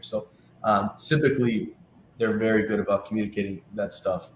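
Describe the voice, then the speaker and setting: Speaking fast in a voice on the low side, a man who works as a team's travel director tells lively stories as an interview guest, voicing the quoted lines himself. There's a little hiss or hum, and the room echoes with faint ambience.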